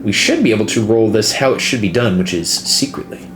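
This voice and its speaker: A man's voice: lowish voice, brisk. A man running a tabletop game as game master, talking with hesitant fillers. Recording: echoey room with faint noise.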